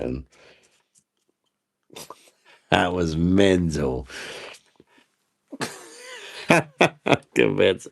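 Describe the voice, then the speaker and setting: A man's voice: low voice, gravelly, a little mellow. A man from the UK chatting casually on a live stream, rambling and swearing as he answers viewers' comments. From United Kingdom.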